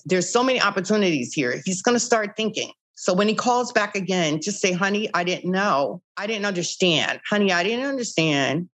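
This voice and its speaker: An older woman, founder of a child-recovery group, telling stories in an interview and acting out old conversations with many "you know" asides. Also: on the low side. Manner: animated, acts out past conversations. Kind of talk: interview storytelling.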